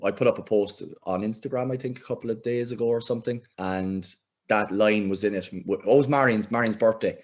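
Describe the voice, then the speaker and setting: A middle-aged Irish man, a football coach, telling lively anecdotes in a casual interview and acting out the voices he quotes. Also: fairly low pitch, a little fast. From Ireland. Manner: animated anecdotes, acts out quoted voices, laughs often. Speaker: football coach, podcast guest.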